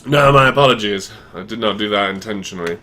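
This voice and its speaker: A middle-aged man hosts a casual call-in chat, his tone bright and forceful. He explains at an easy pace, with ums and restarts as he thinks. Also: on the low side, fast talker. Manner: relaxed, explains patiently with fillers. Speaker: radio show host.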